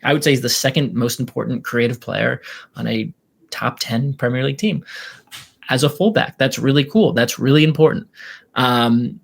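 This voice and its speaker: A man's voice: mid-range voice, normal speed, gravelly. A man hosting a podcast, running through player news in a casual, opinionated way with frequent ums. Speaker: podcast host. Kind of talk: casual soccer podcast talk.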